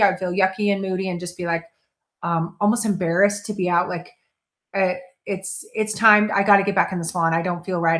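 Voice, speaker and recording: Woman, middle-aged, motivational host, chatty, restarts sentences, mid-pitched voice. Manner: conversational, with self-interrupting restarts and playful quoted voices. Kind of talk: casual motivational talk.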